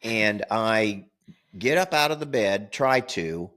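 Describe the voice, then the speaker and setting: A man's voice: fairly low pitch, lively intonation, slow pace, a bit bright. Older man rambling through a story. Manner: rambling, repeats words, laughs at own stories. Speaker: podcast co-host. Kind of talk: casual storytelling.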